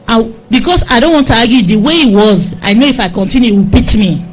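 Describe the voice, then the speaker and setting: A woman's voice: a little high, expressive, fast, hardly any pauses, slightly rough, faint music behind, low-quality recording. A woman telling an emotional personal testimony, repeating herself as she tells the story. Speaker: testimony giver.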